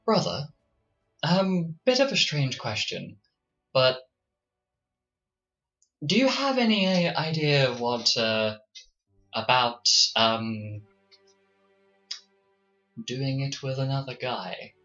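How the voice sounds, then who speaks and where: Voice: medium pitch, expressive, slow pace, pauses often, fairly bright tone, soft background music. A game master voicing a flustered, embarrassed young man who stammers through an awkward question. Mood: nervous. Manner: hesitant, full of ums and stammers. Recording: dull lo-fi mic.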